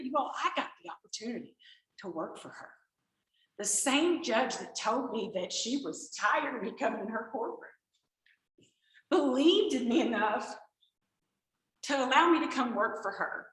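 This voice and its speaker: A woman gives a personal recovery testimony to a group, telling stories and acting out the conversations she quotes. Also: fairly high pitch. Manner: animated storytelling, acts out quoted exchanges. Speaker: recovery speaker. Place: meeting room. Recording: echoey room.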